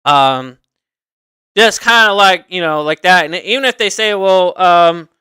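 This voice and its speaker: Casual streamer, a man with a high, sharp voice, rambling, earnest, dry close sound. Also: a little slow, clear, resonant tone, dry recording. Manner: rambling, circles back and repeats points. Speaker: livestream host. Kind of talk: casual unscripted chat.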